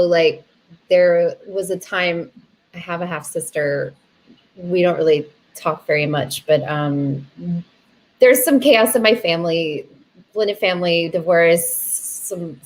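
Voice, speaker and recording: A woman on a live podcast stream, sharing a personal story softly and earnestly in casual chat. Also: fairly low pitch. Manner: soft, earnest and trusting storyteller. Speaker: podcast host.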